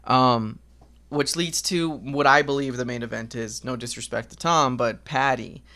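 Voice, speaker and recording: Gravelly-voiced man, rambling casual commentary. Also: medium pitch, a little slow, pushed and bright. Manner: rambling, candid, profane, with frequent fillers. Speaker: gaming vlogger. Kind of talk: casual commentary while gaming.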